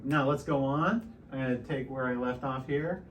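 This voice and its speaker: A middle-aged man teaching piano in a relaxed, explanatory way, stopping and restarting often. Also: medium pitch, normal speed. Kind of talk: casual piano tutorial. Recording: piano loud in the background.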